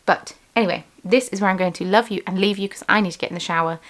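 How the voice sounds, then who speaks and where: In a relaxed vlog, a small craft business owner talks quickly at a medium pitch. She rambles in a chatty way, filling gaps with lots of ums.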